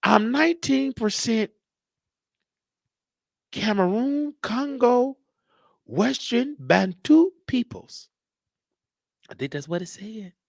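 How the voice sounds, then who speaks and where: A man's voice: very high voice, animated, slow, vocal fry, long pauses, dry recording, studio quality. A man hosting his own show, talking casually and rambling, joking and thinking aloud as he goes. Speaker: show host. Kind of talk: casual live-stream monologue.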